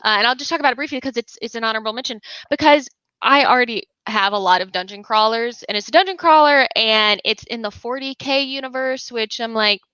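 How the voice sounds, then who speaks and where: A woman's voice: on the high side, quick pace, clean tone, no echo, highs cut off. A woman guest on a gaming podcast, chatting casually and laughing easily about board games. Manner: warm, laughs often, easygoing. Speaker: guest, gaming content creator. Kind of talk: casual interview chat.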